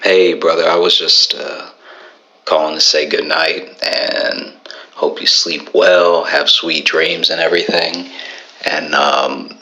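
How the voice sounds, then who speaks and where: A comedian putting on a very deep, gravelly voice as a man earnestly calling his friend to say goodnight, speaking slowly and softly. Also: little pitch movement, full character voice, poor audio. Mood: tender. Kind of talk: stand-up bit voice.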